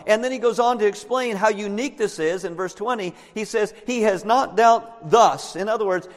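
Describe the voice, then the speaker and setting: A man's voice: high-pitched, big-room sound. A man preaching a sermon to a congregation, walking them through a Bible passage and asking them questions. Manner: explanatory, asks the listeners questions. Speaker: pastor.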